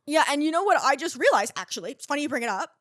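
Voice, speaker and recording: A woman's voice: sits high, very animated, racing, a bit bright, no echo, studio quality, voice pushed up. A woman playing a sly little colonial girl who keeps pointing the finger at others. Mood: wheedling. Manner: wheedling, pointed.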